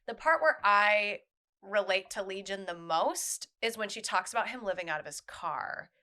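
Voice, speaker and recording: A woman's voice: mid-range voice, expressive, moderate pace, pushed and bright. A woman guesting on a casual podcast, speaking in a candid, reflective way.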